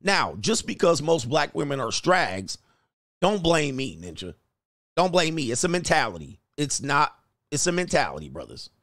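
This is a man running his own stream and reacting out loud to videos as they play. His voice sits a little high and swings widely in pitch as he rants, jokes and breaks into laughter. The sound is dry and close, with no room echo. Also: very animated. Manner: slangy, ranting, quick to laugh. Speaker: livestream host. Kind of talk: casual reaction commentary.

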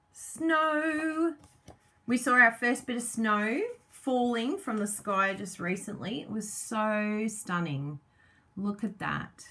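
A woman, gushing excitedly over craft paper and chatting with viewers on a live stream. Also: medium pitch. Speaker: craft product demonstrator. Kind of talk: live-stream unboxing chat.

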